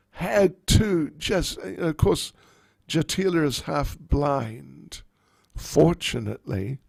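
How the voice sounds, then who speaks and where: A monk giving a sermon, telling a story in an animated, playful way. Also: male voice, a little high, gravelly, dry recording.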